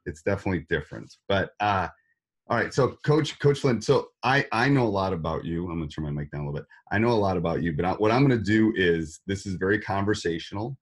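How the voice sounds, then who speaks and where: A man with a Wisconsin accent hosts a casual podcast interview. His voice sits very low, and he rambles, doubling words and restarting sentences as he goes. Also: animated, quick pace, husky. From Wisconsin, USA. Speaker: podcast host.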